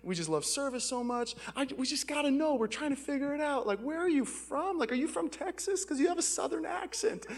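A gushing, enthusiastic churchgoer heaps on breathless praise, pitched even higher than usual, as a preacher puts them on in a story. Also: male voice, a little fast, few pauses. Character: gushing, enthusiastic young churchgoing family member.

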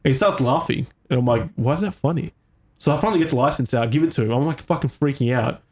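A man telling a story in a casual chat, animated and swearing often. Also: mid-range voice, quick pace. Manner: animated, swearing, acts out voices in his story. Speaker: podcast co-host telling a story.

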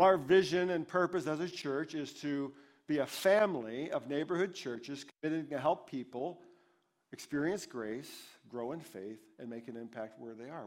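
A man preaching a sermon as pastor at a church service, in a conversational, storytelling way. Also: on the high side.

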